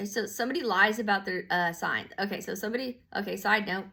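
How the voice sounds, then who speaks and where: A woman talks through a casual tarot reading in a gravelly voice. She rambles, restarts her sentences and swears freely, full of slang and fillers. Her pitch sits in an ordinary middle range. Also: steady tone, moderate pace, hardly any pauses, pushed and bright. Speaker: tarot reader.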